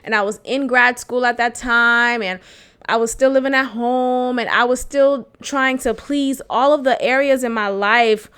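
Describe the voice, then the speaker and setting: Young woman podcaster, real blunt and cussing, high bright voice, laughs a lot. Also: a little slow, clear, resonant tone. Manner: frank, profane, animated, laughs often. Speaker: podcast host. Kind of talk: candid storytelling monologue.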